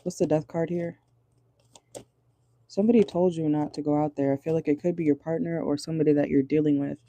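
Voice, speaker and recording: A tarot reader with a very dark, mellow voice talks casually from a car, swearing now and then and laughing nervously. The speech stops often while channeling. The sound is dry and close, with no room echo. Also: mid-range voice, steady tone, fairly quick, highs cut off. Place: inside a car.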